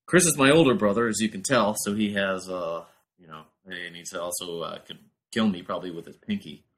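A man's voice: low voice, a little fast. A man in his late twenties from New Hampshire, co-hosting a podcast in a jokey, playful casual chat. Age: late 20s. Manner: jokey, playful, laughs often. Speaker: podcast co-host.

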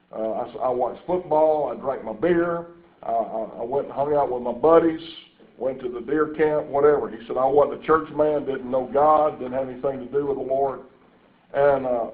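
A man preaching a sermon to a congregation, telling folksy stories and turning to the listeners with asides. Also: fairly high pitch. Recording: echoey room over a tinny phone-like line.

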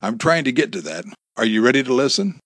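A man's voice: mid-range voice, quick pace, fairly bright tone, no echo, studio quality, voice pushed up, natural voice. A man doing a taunting sarcastic kidnapper. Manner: taunting, mocking, cruel. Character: menacing sarcastic male kidnapper on phone.

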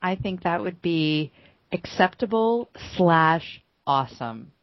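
A woman's voice: on the low side, animated, slow, dry recording, muffled recording. A woman co-hosting a casual gaming podcast, bubbly and giggly, talking with enthusiasm. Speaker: podcast co-host. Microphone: home podcast microphone.

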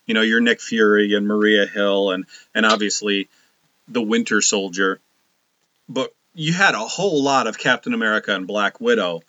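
A man's voice: lowish voice, moderate pace, pushed and bright, no echo, highs cut off. A man co-hosting a casual podcast, joking and bantering about movies. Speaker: podcast co-host. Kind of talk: casual chat.

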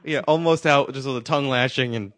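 A man co-hosting a podcast, chiming in with quick agreement and frequent chuckles. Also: medium pitch, a bit bright, no room sound. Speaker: podcast co-host. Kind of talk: casual chat.

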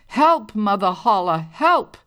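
A woman reading a storybook aloud and voicing a rude, whiny, spoiled girl who complains and shouts. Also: medium pitch, lively intonation, measured pace, pitched above the performer's own voice. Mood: shouting.

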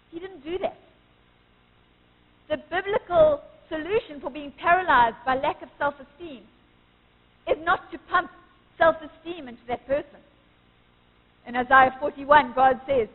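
High-voiced woman preaching in a church. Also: moderate pace. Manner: earnest, emphatic, quotes scripture with rising force. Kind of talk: sermon. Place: church service. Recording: tinny phone-like sound with long church reverb.

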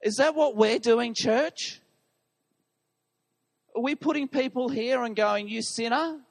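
A man's voice: very high-pitched, takes it slowly. A man preaching a sermon to his congregation, putting questions to the listeners. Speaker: pastor. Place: church hall. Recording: long reverb of a large hall.

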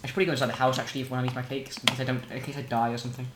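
A man's voice: mid-range voice, flat delivery, very fast. A man chatting casually while playing a game, joking and crude. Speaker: gamer. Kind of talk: casual gaming chat. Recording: roomy home mic with faint noise.

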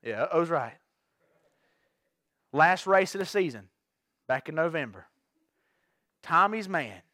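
A man preaching a sermon to his church, telling stories with big swings from quiet asides to shouts. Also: on the high side, no room sound, studio quality. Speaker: pastor.

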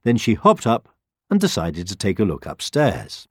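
A man narrating a children's story in a slow, very expressive voice. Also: lowish voice, husky, no echo, clean studio sound. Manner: slow and very expressive, rising and falling.

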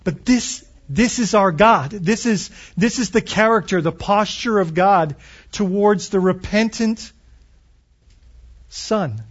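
A man's voice: sits high, slow pace, husky, lo-fi sound. A man preaching a morning sermon as pastor, reading scripture aloud and explaining it with questions to his listeners.

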